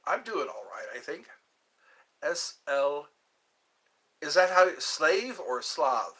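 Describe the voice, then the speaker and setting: A man's voice: a little high, very animated, takes it slowly, pushed and bright, breathy edge. A man hosting a live stream, chatting in a rambling, playful way with viewers and saying he is a little tired. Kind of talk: casual live-stream chat.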